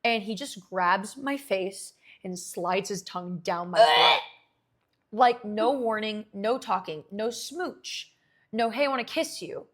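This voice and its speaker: A woman in her twenties, a streamer telling a long story in casual chat, animated and swearing freely. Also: medium pitch, a little slow.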